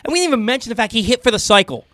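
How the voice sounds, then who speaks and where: A man co-hosting a sports radio show, talking in an animated, excitable way and often stumbling over and repeating his words. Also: extremely high pitch, racing, no room sound, studio quality. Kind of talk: casual sports talk.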